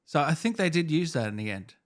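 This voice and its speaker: A man's voice: fairly high pitch, big pitch swings, quick pace. A man in his thirties hosting an interview, talking in an easygoing, enthusiastic way. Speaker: podcast host. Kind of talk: casual interview chat.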